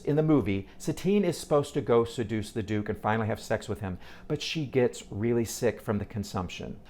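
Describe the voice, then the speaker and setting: A man reviewing a stage musical in a casual, animated way, with exasperated asides and quick restarts. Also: mid-range voice. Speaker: theater reviewer.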